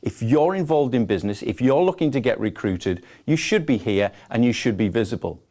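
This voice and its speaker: A man with a northeast English accent hosts a live online webinar in a chatty, enthusiastic way. His voice sits in a middle pitch as he greets the audience and moves into his presentation. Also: expressive, brisk, warm tone. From northeast England. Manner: chatty, enthusiastic, reads out viewer locations. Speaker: webinar host. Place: home office.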